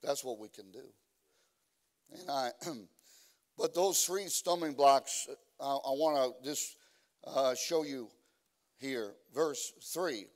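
A man preaching a sermon as a guest preacher. He stumbles through fillers and restarts, then builds to loud, emphatic preaching. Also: mid-range voice, slow, long pauses. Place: church.

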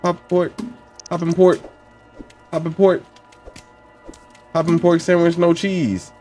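A man's voice: on the high side, flat delivery, slow, dark tone, faint music behind. A young man hosting a let's play, repeating phrases in rhythmic bursts as he plays along. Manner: repeats lines in chanting bursts, talks along with the game. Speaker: gaming channel host.

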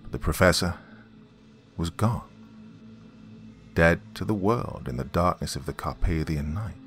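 A man narrating a horror story in a measured, dramatic way, with a gravelly voice. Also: low voice, lively intonation, a bit bright, soft background music.

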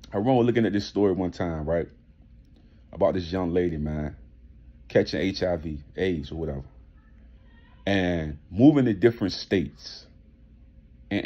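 A man's voice: deep voice, warm tone, slightly rough, highs cut off. A man ranting in an indignant commentary vlog, emphatic and swearing heavily. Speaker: commentary vlogger.

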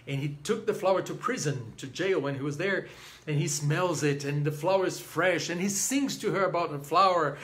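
A man's voice: on the high side, normal speed. A man giving an informal lecture on an opera, acting out the characters and humming bits of arias. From Brazil. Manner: animated, acts out characters, hums snatches of arias.

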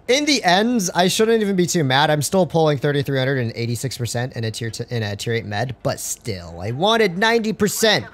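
A young man doing live gameplay commentary on a stream, excitable and slangy, joking and talking to his chat. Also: mid-range voice, fairly quick, hardly any pauses, a little hiss or hum.

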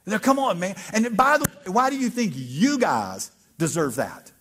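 A man preaching a conversational sermon as pastor, acting out biblical dialogue with lively asides. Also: high voice, moderate pace, husky.

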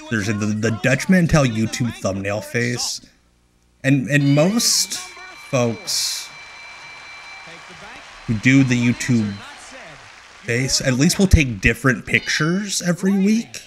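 A man's voice: mid-range voice, lively intonation, a little slow, a faint crowd. A man hosting a live stream, chatting casually and joking about old wrestling footage, with rambling asides and restarts. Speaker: stream host riffing on old wrestling shows. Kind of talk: casual commentary chat.

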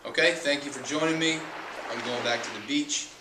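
Man, teacher, patient explaining, repeats and spells out words, distant mic, loud noise underneath. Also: mid-range voice, a little fast, echoey room. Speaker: Spanish teacher. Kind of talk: explanatory lesson. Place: outdoors at a beach.

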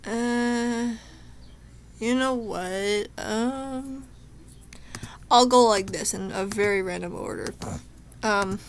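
A woman's voice: a little high, slow, long pauses, a little hiss or hum. Emotional young woman commentating gameplay. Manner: emotional, chatty, talking to herself while playing. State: tearful, shaken. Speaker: gameplay streamer. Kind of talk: let's play commentary.

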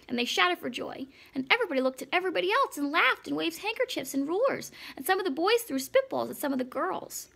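High, gravelly woman reading aloud. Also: a bit bright. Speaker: audiobook narrator. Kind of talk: storybook narration.

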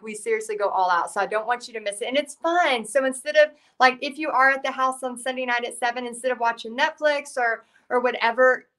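Bright-voiced woman hosting a live stream. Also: a little high. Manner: chatty, reads out viewer comments, many fillers. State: hoarse, losing her voice. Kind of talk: casual live-stream chat.

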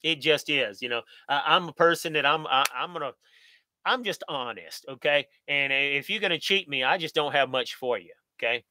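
A folksy middle-aged man from the answers viewer questions on a live stream. His voice sits high and bright, recorded close and dry. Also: normal speed, dry recording. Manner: folksy, upbeat, talks straight to viewers. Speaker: channel host.

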